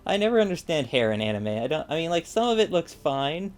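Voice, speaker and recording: A man's voice: fairly high pitch, sing-song, brisk, faint music behind. A man giving casual, rambling commentary while playing a card game, full of fillers and asides. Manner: rambling, chatty, many fillers. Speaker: let's play gamer.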